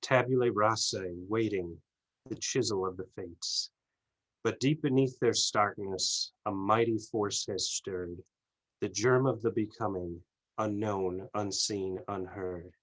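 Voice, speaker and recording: Slow, low-voiced male poet. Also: low-quality recording. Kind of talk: reading his own poem aloud.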